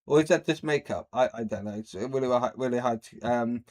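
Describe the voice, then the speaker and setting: A man's voice: medium pitch, a little fast, a little mellow. A man giving casual, crude reaction commentary as a streamer. He rambles and laughs at his own slips.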